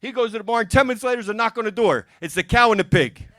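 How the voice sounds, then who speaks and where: A man doing stand-up comedy, rattling off one joke after another and dipping into quick character voices. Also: high voice, bright, forceful tone, dry recording, studio quality. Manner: rapid-fire joke delivery with character voices. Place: music and arts center stage.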